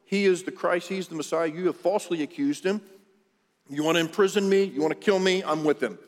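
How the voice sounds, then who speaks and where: A man voicing a grown fisherman disciple torn by fear, sometimes raised and emphatic, sometimes hushed and broken, with a long hall reverb behind him. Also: fairly high pitch, lively intonation, unhurried. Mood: defiant.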